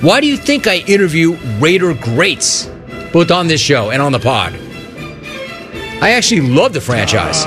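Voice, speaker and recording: Lively sports talk radio host, man. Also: medium pitch. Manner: rambling, jokey, acts out the voices in his stories.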